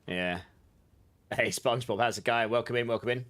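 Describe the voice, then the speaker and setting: A man's voice: medium pitch, a little fast, fairly bright tone. A man streaming a game, chatting casually with viewers, greeting them by name and laughing often. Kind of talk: casual livestream chat with viewers.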